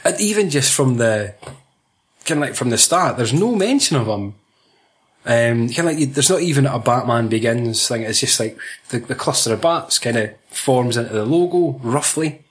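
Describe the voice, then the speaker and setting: A man's voice: mid-range voice, lively intonation, normal speed. A young man with a Scottish accent from Fife, chatting casually about a film, swearing a lot and laughing often. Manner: sweary, laughing, jokey, puts on voices. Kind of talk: casual film review chat.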